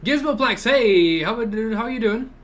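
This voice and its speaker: Young male streamer with a lighter, higher voice. Rants loosely and swears freely. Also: animated, a little slow. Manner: rambling rant full of "you know" and swearing. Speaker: live streamer. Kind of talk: casual chat with live viewers.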